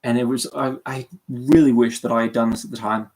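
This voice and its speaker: A man's voice: medium pitch, flat delivery, fairly quick, darkish tone. A young man from Canada, chatting casually on a livestream, rambling and self-deprecating, with a sore throat and sounding sleepy. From Calgary, Canada. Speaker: streamer.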